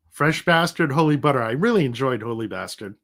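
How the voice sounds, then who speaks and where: A man's voice: medium pitch, creaky, fairly bright tone. Rambling middle-aged man chatting on a livestream. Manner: rambling, chatty, laughs easily. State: sick, recovering. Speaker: livestream host. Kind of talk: casual livestream chat.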